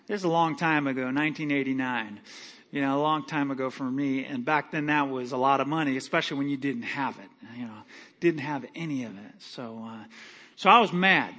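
A man's voice: mid-range voice, a little fast, pushed and bright. A male pastor preaching a storytelling sermon in a conversational, self-mocking way with many fillers.

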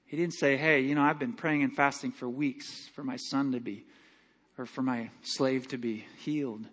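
A middle-aged male pastor preaching a sermon in a folksy, animated way, dropping to quiet asides and rising to loud climaxes. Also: medium pitch, normal speed. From Michigan. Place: church sanctuary.

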